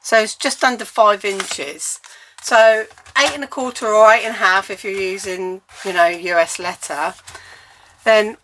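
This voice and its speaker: A woman's voice: medium pitch, fairly even intonation, measured pace, fairly bright tone, a little hiss or hum. An English woman giving a chatty, step-by-step cardmaking tutorial while she works at her crafting table.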